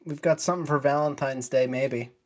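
A man's voice: mid-range voice, steady tone, fairly quick. A man co-hosting a film podcast in casual chat, bantering playfully and exclaiming often. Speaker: podcast co-host.

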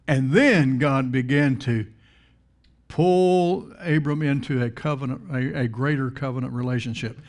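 A man's voice: mid-range voice, measured pace. A man preaching a sermon in a conversational style, repeating words and asking the congregation questions.

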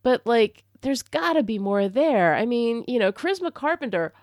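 A woman's voice: fairly high pitch, big pitch swings, moderate pace, no echo, clean studio sound. A woman co-hosting a podcast, talking frankly and casually and laughing often. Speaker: podcast co-host. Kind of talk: casual chat.

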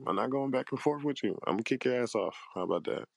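This man has a gravelly, mid-range voice with lively intonation, captured in a dry recording. Hosting a panel on a livestream, he rants angrily, cursing and sounding exasperated, with a slow, tired drawl.

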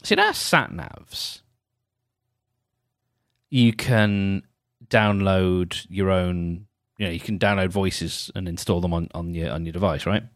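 A man's voice: low voice, takes it slowly, pauses often, no echo, studio quality. A man hosting a solo podcast, chatting in a meandering, self-deprecating way. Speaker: podcast host. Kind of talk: rambling solo podcast chat.

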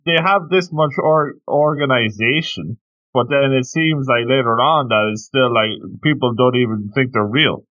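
A man co-hosting a podcast, dropping short jokes and quick reactions in a casual chat about a manga. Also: medium pitch, lo-fi sound. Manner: short joking interjections. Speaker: podcast co-host.

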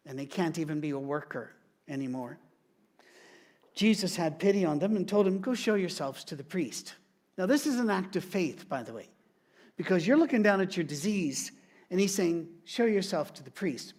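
A man's voice: high voice, lively intonation, moderate pace, darkish tone. A middle-aged man, a pastor, giving a sermon with conversational, humorous storytelling.

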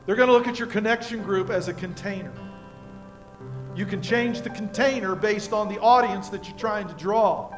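Older pastor with a high, folksy voice. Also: male voice, normal speed, faint music behind. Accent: American. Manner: folksy storytelling with props, swinging from quiet to loud. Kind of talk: sermon.

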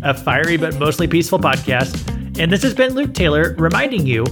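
Man, podcast host, casual monologue, rambling with fillers, slightly high voice, faint music underneath. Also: animated, brisk. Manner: rambling, with frequent fillers and self-corrections.

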